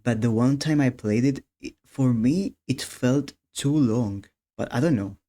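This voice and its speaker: A man's voice: mid-range voice, a little slow, warm tone. A man chatting casually while streaming a game, laughing often and restarting his sentences.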